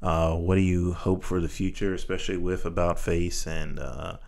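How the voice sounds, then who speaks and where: Give me a podcast host with a very deep, gravelly male voice. He chips in with short remarks and asks his questions in a relaxed, easy way. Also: normal speed. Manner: brief interjections, relaxed questions. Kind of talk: casual podcast conversation.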